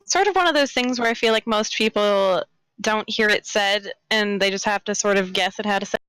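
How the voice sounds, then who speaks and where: A woman's voice: medium pitch, a little fast, fairly bright tone, smooth, no room sound, rough recording. Chatty interviewer woman from Canada. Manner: chatty and explanatory. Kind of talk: casual interview chat.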